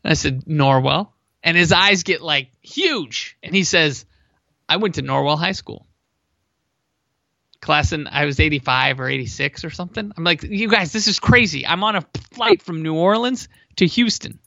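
A man from New England in his forties, co-hosting a podcast and telling a rambling, animated story. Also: fairly high pitch, normal speed, vocal fry, no room sound. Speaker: podcast co-host. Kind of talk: casual storytelling chat. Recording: dull lo-fi sound.

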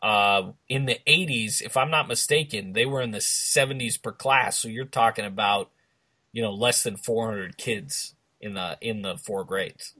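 Husky-voiced man joking around. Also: on the low side, moderate pace, sharp tone. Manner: teasing, joking banter. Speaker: podcast co-host. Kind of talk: casual chat.

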